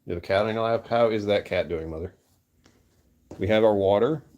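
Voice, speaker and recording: Fairly low and a little mellow, his voice comes through brisk on lo-fi sound with slight background noise. He banters with his live-stream viewers, answering the chat and cracking self-deprecating jokes.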